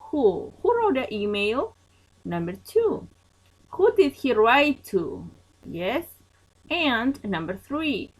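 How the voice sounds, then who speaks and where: A woman teaching an online English class, a Spanish speaker, explaining each point slowly and checking in with "okay?" and "yes?". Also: a little high, low-quality recording.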